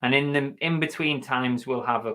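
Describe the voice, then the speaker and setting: A British man hosts a casual reselling live stream, chatting and joking and often making fun of himself. His voice is medium in pitch with a bright, forceful tone. He speaks at a moderate pace.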